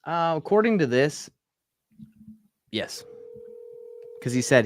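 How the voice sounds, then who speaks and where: A man's voice: a little high, sing-song, slow, no room sound. A man co-hosting in a casual chat, laid-back and chuckling, using easygoing slang. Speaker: co-host feeding leads.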